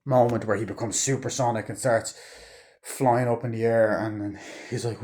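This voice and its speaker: A man giving a casual movie review, rambling excitedly, swearing often and retelling scenes. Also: on the low side, moderate pace.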